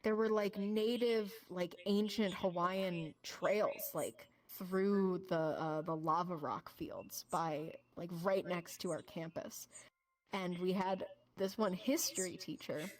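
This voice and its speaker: A woman's voice: lowish voice, slow pace. A young woman chatting casually with a guest streamer in VR, giggly and rambling with plenty of fillers. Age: young adult. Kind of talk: casual chat while streaming in VR.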